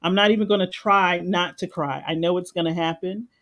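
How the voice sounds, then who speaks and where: A woman's voice: fairly low pitch, fairly even intonation, fairly quick, a bit bright. A woman life coach on a livestream, talking in an earnest, reflective and emotional way. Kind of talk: livestream meditation talk. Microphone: livestream microphone.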